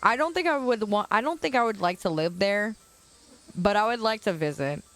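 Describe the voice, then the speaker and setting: A young woman from the Chicago area livestreams from a suburban curb outdoors. She talks at a middle pitch, chatty and loose, breaking into laughs as she answers her viewers. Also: animated, moderate pace, fairly bright tone, soft background music. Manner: chatty, laughs often, answers chat comments. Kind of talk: casual chat with viewers.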